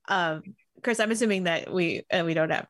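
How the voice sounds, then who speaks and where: A woman's voice: fairly low pitch, moderate pace, no room sound, clean studio sound. A woman co-hosting a casual movie podcast, chatty, laughing often, with lots of ums. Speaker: podcast co-host. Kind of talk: casual movie-review chat.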